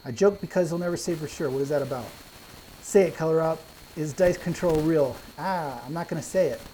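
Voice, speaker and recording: A man's voice: on the high side, brisk, mellow, a little hiss or hum. Chatty rambling man hosting a live stream. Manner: rambling, chatty, thinks aloud. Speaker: host of a craps channel live stream. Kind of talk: casual live Q&A chat. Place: indoor room with some echo. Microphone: clip-on mic with pack.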